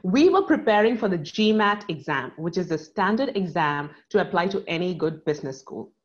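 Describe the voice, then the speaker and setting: Woman in her 30s, earnest live storyteller with dramatic pauses, slightly muffled recording. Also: lowish voice, lively intonation. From South India.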